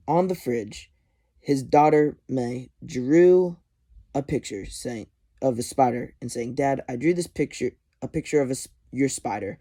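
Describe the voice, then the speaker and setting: A man casually recapping a comic issue, retelling scenes animatedly and quoting characters. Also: mid-range voice. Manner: animated retelling with quoted lines and chuckles. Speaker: comic book reviewer.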